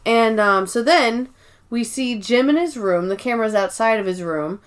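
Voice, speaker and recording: Co-host, female, slightly high voice, fast lively recap storyteller. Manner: quick, animated storytelling with acted-out quotes. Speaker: podcast co-host. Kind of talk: casual recap chat.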